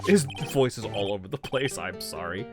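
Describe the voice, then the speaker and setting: A woman streaming a game, muttering low, profane asides between voiced lines. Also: lively intonation, a little fast, faint music behind. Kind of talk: live game playthrough with voiced dialogue.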